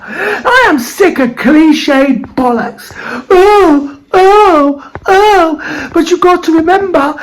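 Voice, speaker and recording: A woman's voice: high-pitched, rough recording. A British woman hosting a vlog, ranting angrily and swearing, her voice cracking between laughter and tears. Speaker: vlog host. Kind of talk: angry ranting monologue.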